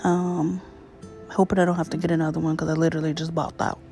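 A young woman hosts a casual solo podcast on her own microphone. Her voice sits low, and her talk rambles wearily with breathy little asides. Faint music plays behind her. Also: little pitch movement, fast talker. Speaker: podcast host. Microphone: USB microphone.

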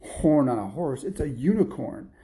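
A man voicing an amazed young girl in a children's story, in a soft, lowered voice. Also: moderate pace, close to an everyday voice. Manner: excited, astonished.

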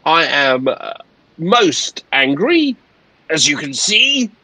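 Give me an indignant, self-important ship captain, as a man voices him, high and blustering. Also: sing-song, takes it slowly, sharp tone, no echo, heavily acted, poor audio.

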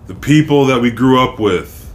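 A man co-hosting a podcast in relaxed, jokey casual chat, telling stories. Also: moderate pace. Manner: laid-back, jokey, acts out quotes in high voices. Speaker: podcast co-host. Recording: faint background noise.

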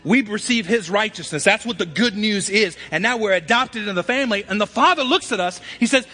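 A middle-aged man preaching a sermon, swinging between emphatic loud passages and quiet ones. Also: sits high, expressive, brisk, few pauses, breathy edge. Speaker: pastor. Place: church sanctuary.

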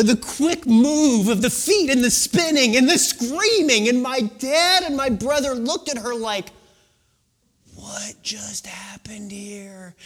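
A male pastor in his thirties delivers a sermon in a high voice that swings widely in pitch. He tells his stories at an unhurried, deliberate pace and stretches phrases out for drama. At times he sinks almost to a whisper to drive a point home. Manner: animated storytelling, drawn-out dramatic phrasing, dropping to a hush for emphasis.

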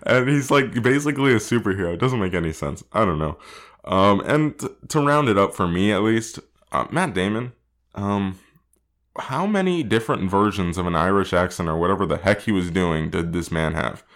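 Male co-host, low-ish voice, casual movie review chat, animated and full of laughs and fillers. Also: moderate pace.

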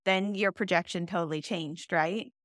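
A woman and mother co-hosting a faith podcast, talking in an earnest and animated way. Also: on the low side, moderate pace, no room sound, clean studio sound. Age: adult with children. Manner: earnest, animated, laughs while telling stories. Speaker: podcast co-host.

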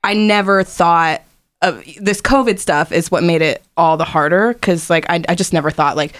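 Chatty young woman, lowish voice. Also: moderate pace, clean tone. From Indiana, US. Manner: chatty, many fillers, laughs often. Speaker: guest. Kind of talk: casual chat.

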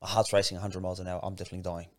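A man's voice: low-pitched, little pitch movement, very fast, a little mellow. A man talking as a podcast guest in a casual, heartfelt way. He repeats words and restarts his sentences often, and calls the host "man" and "bro".

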